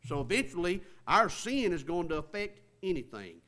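A man's voice: sits high, sing-song, normal speed, sharp tone. A man preaching a sermon in a folksy, conversational way, stretching words for emphasis.

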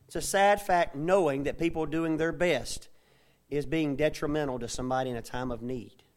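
A man preaching a sermon, often tagging his points with a questioning "amen?" and building from quiet asides to loud, emphatic stretches. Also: on the high side, normal speed. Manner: tags phrases with a questioning "amen?". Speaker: pastor.

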